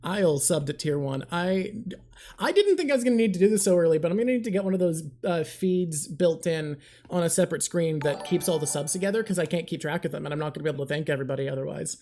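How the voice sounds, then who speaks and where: A woman hosting a live stream in casual chat, excitable, swearing, and talking in rushed bursts while thanking viewers. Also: sits low. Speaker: livestream host.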